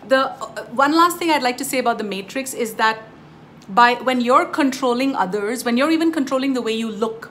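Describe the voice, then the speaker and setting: A woman's voice: fairly high pitch, fairly bright tone, a little hiss or hum. A woman giving a casual spiritual teaching, telling stories emphatically and addressing her viewers directly. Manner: emphatic, storytelling, addresses viewers as "you guys".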